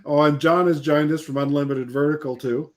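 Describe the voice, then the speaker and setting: A man's voice: a little high, steady tone, a little fast. Regular guy cohosting a live call-in chat, laughs a lot, keeps restarting his sentences, sounds like a video call. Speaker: co-host. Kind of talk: casual chat.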